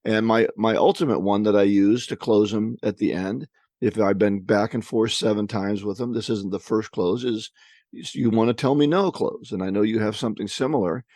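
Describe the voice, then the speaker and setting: A man's voice: fairly low pitch, moderate pace, a little mellow, dry recording, clean studio sound. A man co-hosting a podcast, reading listener questions and answering in a casual, conversational way, often repeating words as he thinks.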